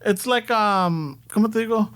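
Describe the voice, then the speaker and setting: A man's voice: sits high, normal speed, smooth. A man with a Chicano accent co-hosting a podcast, chatting casually and hesitantly, mixing Spanish into his English. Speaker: podcast co-host. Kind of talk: casual chat.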